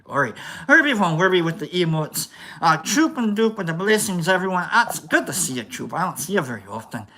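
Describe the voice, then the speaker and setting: A woman putting on a wobbly fake Scottish accent that slips into other accents as she reads out chat in a loose, rambling livestream. Her bright voice swings widely up and down, playful and self-mocking, with casual swearing. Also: lowish voice, sing-song, brisk, slight background noise. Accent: put-on Scottish accent, drifting into other accents. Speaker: livestream host reading chat. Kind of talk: casual live-stream chat.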